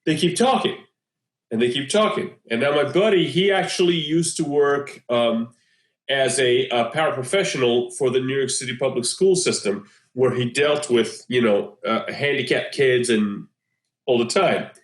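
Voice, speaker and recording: A man co-hosting a podcast, telling an animated story in casual chat and laughing often. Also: medium pitch, normal speed. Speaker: podcast co-host. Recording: roomy echo.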